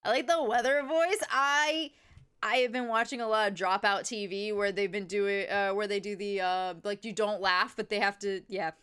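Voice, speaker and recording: A woman's voice: medium pitch, steady tone, normal speed, fairly bright tone, clean tone. A young woman casually chatting and swearing as she streams a farming game. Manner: chatty, swearing, self-mocking. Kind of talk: casual gameplay commentary.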